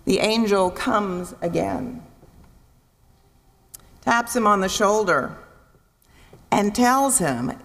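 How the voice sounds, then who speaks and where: A woman preaching a sermon in a church, expressive, acting out voices and asking her listeners questions. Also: mid-range voice, extremely slow, gravelly, pauses often. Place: church sanctuary. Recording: long reverb in a large hall.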